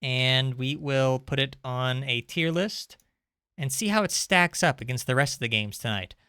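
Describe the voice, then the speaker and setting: A young man with a mid-range voice that's bright, forceful, clear and resonant streams indie games at normal speed. His live-stream commentary is casual and sarcastic, and he reads the game's text aloud, all in clean studio sound with no echo.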